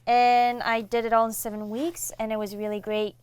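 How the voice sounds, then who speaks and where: This young comic artist has a clear, resonant voice on the high side and speaks at a normal speed. As a guest in a casual interview chat, she tells lively stories and performs the dialogue of the people she describes.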